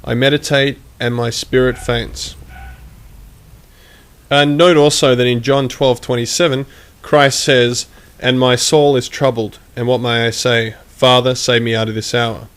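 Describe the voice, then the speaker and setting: A man giving critical commentary, measured and emphatic, reading quotations aloud as he argues. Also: mid-range voice, flat delivery, a bit bright, clean tone. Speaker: online commentator.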